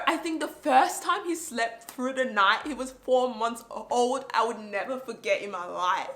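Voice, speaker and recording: A woman from Nigeria in her thirties, telling a candid, animated personal story in a vlog, laughing and swearing freely. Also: fairly high pitch, roomy sound. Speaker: vlogger.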